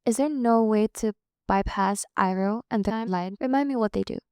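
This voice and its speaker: A woman's voice: medium pitch, a little fast, mellow, clear, resonant tone, no room sound, clean studio sound, lightly acted. A woman voicing a veteran woman member of a secret group, speaking earnestly with small hesitations. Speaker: student reader. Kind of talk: amateur story reading.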